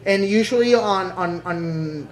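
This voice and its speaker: A man who plays in a DJ duo, talking as a guest in a casual podcast conversation and often restarting his sentences. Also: high-pitched. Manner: halting, restarts often while asking questions. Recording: roomy echo.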